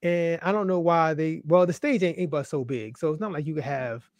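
A man's voice: fairly high pitch, fairly quick, darkish tone, dry recording. A man co-hosting a casual show, telling stories about church videos in an amused way and laughing often. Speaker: co-host.

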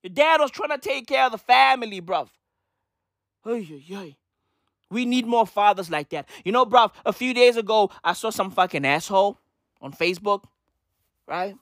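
A woman's voice: medium pitch, expressive, normal speed, no room sound, clean studio sound. A woman delivering a brash, slangy, profane comedy rant that keeps circling back to the same phrases. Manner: brash, slangy, repetitive, swearing.

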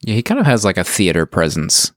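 A man's voice: sits low, huge pitch swings, fast talker, no room sound, clean studio sound. A man co-hosting a podcast, talking in a rambling, enthusiastic way with many fillers. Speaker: podcast co-host. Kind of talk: casual chat.

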